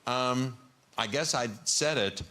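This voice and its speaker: A man who is a talk show guest, telling a family anecdote in a halting way with restarts in a TV studio. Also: medium pitch, sharp tone, clean tone. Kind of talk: casual chat, telling anecdotes. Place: TV studio with audience.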